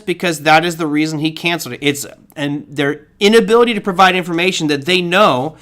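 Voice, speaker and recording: A man's voice: on the high side, sharp tone. A middle-aged man hosting a live trading show, giving casual market commentary, thinking aloud and reading viewer comments.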